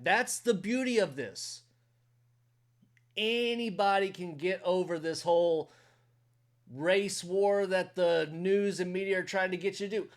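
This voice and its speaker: A man talks in a fairly high voice, hosting his own reaction video. He rambles and argues his views openly and speaks straight to his viewers. He talks casually while wearing headphones. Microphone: headphones on while recording.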